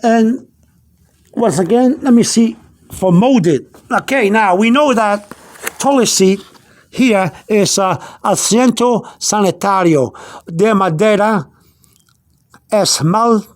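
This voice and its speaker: A man's voice: high-pitched, slow. A man giving an informal language lesson, pointing things out on a product label, often stopping, repeating words and checking in with "okay?". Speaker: language teacher.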